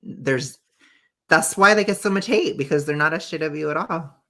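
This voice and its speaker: A woman's voice: deep voice, normal speed, fairly bright tone. A woman co-hosting a casual chat show, emphatic and opinionated, laughing often. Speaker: co-host.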